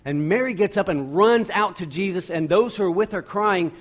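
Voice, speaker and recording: A man delivers a sermon in a somewhat high voice. He retells the story in a lively, dramatic way, pausing for effect and often repeating words as he goes. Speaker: pastor.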